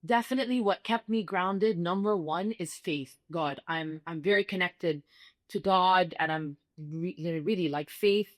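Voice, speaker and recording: A young adult woman from Dubai, a singer-songwriter appearing as a guest, chats animatedly in a casual interview and repeats phrases for emphasis. She speaks at a normal speed in a voice on the low side, with no echo.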